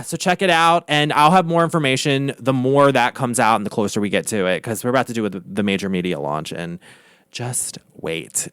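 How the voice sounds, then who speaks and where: Casting: chatty, gossipy man, cursing freely, smooth resonant voice, dry close sound. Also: mid-range voice, no room sound. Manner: chatty and profane, gossipy, animated asides. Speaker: vlogger, artist. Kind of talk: casual chat. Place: home art studio.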